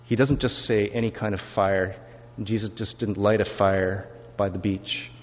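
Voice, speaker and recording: A man's voice: on the low side, fairly even intonation, normal speed. A male pastor preaching a sermon in a reflective, conversational way, asking the congregation rhetorical questions. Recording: dull lo-fi sermon recording with long hall reverb.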